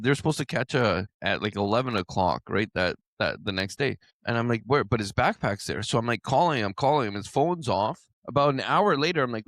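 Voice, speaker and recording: A man in his thirties hosts a casual podcast and tells his stories with an animated, loose manner, full of "man" and "like". The sound is dry and close, with no room around it. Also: medium pitch, brisk, dry recording. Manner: animated storyteller, says "man" and "like" often. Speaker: podcast host.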